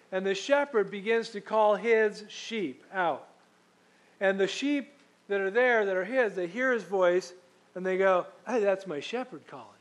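A man's voice: sits high, poor audio. A man preaching a sermon as pastor, telling stories in a conversational way and reading scripture aloud.

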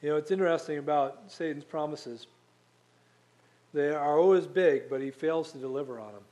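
A man's voice: fairly high pitch, normal speed, dark tone. A man preaching a sermon in a conversational way, asking the listeners rhetorical questions. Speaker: pastor.

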